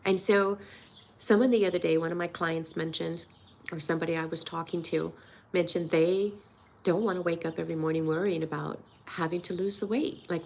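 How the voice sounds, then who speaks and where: A woman's voice: on the low side, fairly quick, gravelly, a little mellow, slight background noise. A woman in her sixties, a weight loss coach, talking earnestly and emotionally in a personal vlog, encouraging her viewers. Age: 60s.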